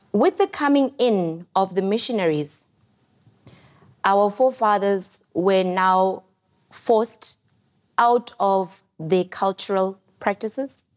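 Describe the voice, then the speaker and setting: A woman with a South African accent, a podcast guest explaining things in an earnest, lecturing way. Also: mid-range voice. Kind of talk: podcast discussion.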